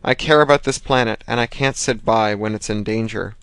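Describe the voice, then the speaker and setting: Male narrator as dutiful, sarcastic superhero, low voice, dry sound. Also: fairly quick, a bit bright, smooth, no echo. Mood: earnest. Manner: earnest, dryly sarcastic.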